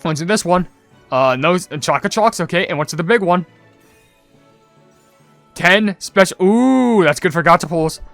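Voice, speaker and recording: A young man casually commenting on his gameplay and reading viewer comments, chatty and rambling, getting loudly excited over loot. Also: high-pitched, normal speed, gravelly, pauses often, no echo, faint music behind. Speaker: gaming channel host.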